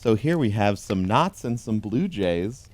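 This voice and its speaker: A man reading a pun book aloud in a dry, deadpan comedic tone, chuckling along. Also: on the low side, a little slow. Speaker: comedy host.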